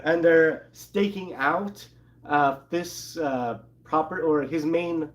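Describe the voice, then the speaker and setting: Male host, fairly high voice, lively casual comic recap. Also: takes it slowly. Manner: animated, acts out quotes in excited higher voices. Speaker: comic book show host.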